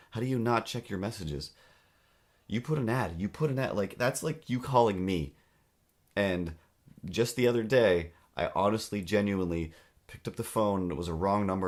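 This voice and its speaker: A man hosting a comedy podcast, ranting in an animated, exasperated way and slipping into little voices. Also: low-pitched, moderate pace. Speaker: podcast host. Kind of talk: comedic monologue.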